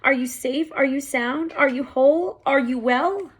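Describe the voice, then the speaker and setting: A woman's voice: high voice, unhurried. A woman doing an anxious kindly elephant. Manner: anxious, pleading questions. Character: worried kindly male elephant. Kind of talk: storybook read-aloud.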